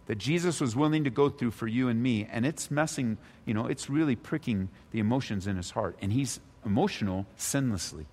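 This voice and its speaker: A male pastor preaching a sermon, his voice swinging between loud, high emphasis and low, hushed stretches. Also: animated, moderate pace, hardly any pauses. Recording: long reverb of a large hall.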